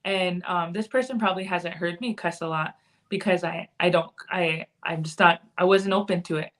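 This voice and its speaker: A woman's voice: lowish voice, moderate pace, fairly bright tone. A woman talking as a podcast guest in a loose, conversational way. She is candid and frank, and she lets a cuss word slip in here and there. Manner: candid, frank, occasionally cussing. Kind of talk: casual conversation.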